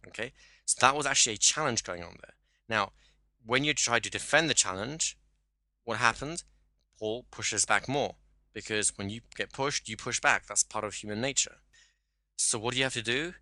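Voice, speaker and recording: Male trainer, bright forceful voice, dry close sound, explanatory delivery. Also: medium pitch, normal speed, no echo. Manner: explanatory, acts out sample dialogue. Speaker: hypnosis trainer. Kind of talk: teaching a class.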